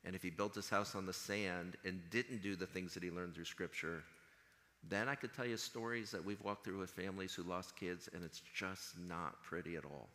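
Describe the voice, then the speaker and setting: A man giving an earnest chapel talk to high school students, telling stories and acting out what others said. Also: fairly even intonation, moderate pace, bright, forceful tone. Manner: earnest storytelling, quotes others in conversation. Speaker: school chaplain. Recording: long hall reverb.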